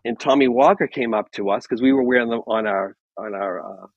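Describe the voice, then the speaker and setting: A man shares relaxed anecdotes in casual podcast chat and chuckles now and then. His recording sounds dry and somewhat muffled, with a medium pitch. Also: brisk, husky, no echo. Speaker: podcast guest.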